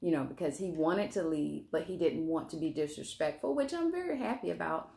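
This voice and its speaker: Woman co-host, lively storyteller who acts out quotes, roomy echo. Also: on the low side, a little fast, vocal fry. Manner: animated storytelling, acts out quotes, laughs often. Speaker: relationship coach, co-host. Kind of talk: casual conversation with her husband.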